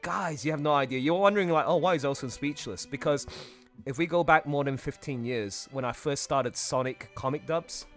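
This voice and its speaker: A man hosting a live stream in casual chat, excitable and laughing a lot. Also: normal speed, soft background music. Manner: excitable, laughing, swooping pitch. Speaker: host.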